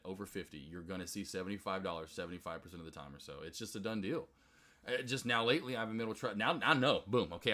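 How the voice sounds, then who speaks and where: A man hosting a live stock trading stream, chatting casually with viewers in an excitable, rambling way. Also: lowish voice. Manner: excitable, chatty, quotes others in loud outbursts. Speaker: stock trading livestream host.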